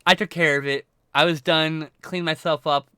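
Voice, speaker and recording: A man with a fairly high, bright and crisp voice, recorded close and dry on a desktop mic. He rambles through a crude story, swearing freely and tripping over restarts. It sounds like a relaxed livestream chat. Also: normal speed, no echo. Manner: profane, rambling anecdote with restarts. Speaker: livestream host.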